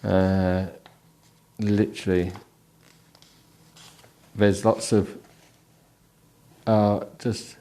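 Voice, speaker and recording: Sleepy guy reading a book out loud, lowish voice, keeps mocking it. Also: little pitch movement, extremely slow, pauses often. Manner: sarcastic, mocking asides. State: tired, sleepy. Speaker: host reading a book aloud. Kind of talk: comic book reading with running commentary.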